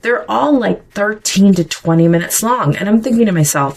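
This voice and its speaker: A woman's voice: mid-range voice, expressive, normal speed, a little mellow, low-quality recording. A middle-aged woman hosting a solo podcast. She talks in a conversational way and often wanders into asides before coming back to her point. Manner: conversational, chatty with digressions. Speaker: podcast host.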